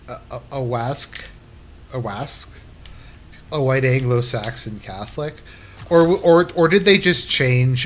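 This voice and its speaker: A man's voice: mid-range voice, slight background noise. A man streaming a game and chatting casually, rambling and hesitating with many filler words. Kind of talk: casual chat while gaming.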